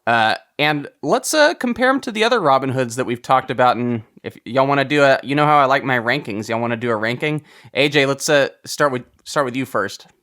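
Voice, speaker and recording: A man's voice: medium pitch, expressive, fairly quick, few pauses. Chatty man hosting a podcast. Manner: chatty, steers the discussion, trails off softly. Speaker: podcast host. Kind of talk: casual chat.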